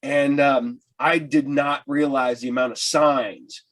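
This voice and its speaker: A man's voice: medium pitch, fairly even intonation, slow, a bit bright. A man hosting a podcast, chatting casually, who laughs often and stammers a little as he tells stories. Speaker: podcast host. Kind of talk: casual chat.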